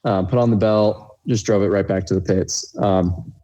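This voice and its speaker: Low, mellow-voiced young man. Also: steady tone, moderate pace. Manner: easygoing, laughs while telling the story. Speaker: racecar driver guest. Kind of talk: casual podcast interview.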